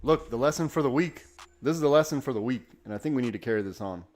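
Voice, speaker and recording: A man hosting a live trading stream, talking casually and excitedly, often restarting his sentences. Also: mid-range voice, fast talker, soft background music. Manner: enthusiastic, rambling, self-correcting. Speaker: day-trading livestream host.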